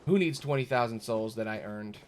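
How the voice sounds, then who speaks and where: A man's voice: brisk, a little hiss or hum. Exasperated man streaming a game. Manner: exasperated, talks to the game, jumps to high-pitched outbursts. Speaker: gaming streamer. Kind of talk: casual live game commentary.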